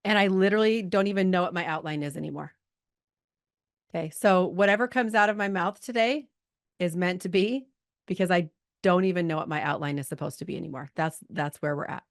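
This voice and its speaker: A middle-aged woman coaching a group over a video call, chatty and lively, holding back tears at times. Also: fairly low pitch, a little fast. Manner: chatty, lively, talks to the chat audience. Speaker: life coach hosting a live group call. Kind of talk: casual coaching talk.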